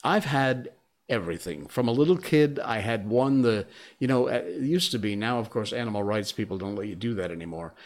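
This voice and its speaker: A man's voice: medium pitch, animated, a little fast. A man live streaming from his desk at home, chatting casually into a desk microphone with a rambling, chuckling, anecdotal manner. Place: home desk with a squeaky chair.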